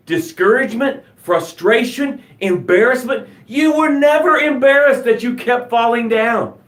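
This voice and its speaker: A man's voice: high voice, reverberant. A man hosting a live motivational broadcast, talking with enthusiasm and a preachy, joking manner. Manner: enthusiastic, preachy, jokes and laughs at himself. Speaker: motivational show host.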